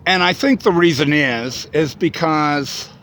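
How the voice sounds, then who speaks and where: A man's voice: on the high side, a little slow, a bit bright. A man giving a casual spoken reflection for his vlog, rambling with many fillers and restarts. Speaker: vlogger.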